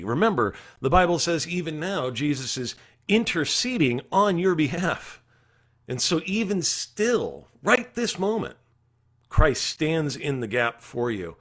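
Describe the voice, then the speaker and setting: A man preaching a devotional sermon as a pastor, earnest and emphatic, rising to loud declarations and dropping to hushed, soft passages. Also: on the high side, sing-song, unhurried. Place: recorded during quarantine.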